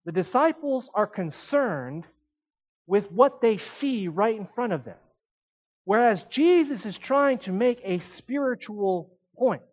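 A man preaching a sermon in an animated, conversational way, with emphatic asides. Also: sits high, takes it slowly, highs cut off.

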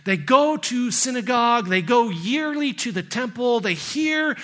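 A man preaching a sermon in a church, building up loud and high on scripture, then dropping low and soft at the ends of phrases. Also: expressive, measured pace. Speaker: pastor. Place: church sanctuary.

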